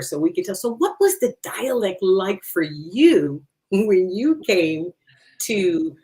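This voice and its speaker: Woman, 50s, Philadelphia accent, animated pitch, chatty host, laughs often. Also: slow pace. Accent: Philadelphia, long in Atlanta. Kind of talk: casual interview chat.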